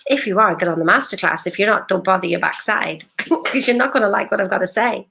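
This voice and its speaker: A woman's voice: medium pitch, quick pace, vocal fry, bright, forceful tone. A woman, a life coach talking directly to a live-stream audience in an emphatic, questioning way.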